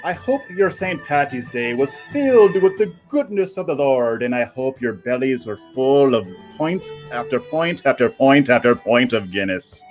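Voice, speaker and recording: A livestream host putting on a hammy, teasing fake Irish accent, greeting viewers by name. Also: male voice, mid-range voice, animated, moderate pace, few pauses, soft background music, close to an everyday voice, rough recording. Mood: jovial. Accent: put-on Irish. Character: jolly mock-Irish man, hammy and festive.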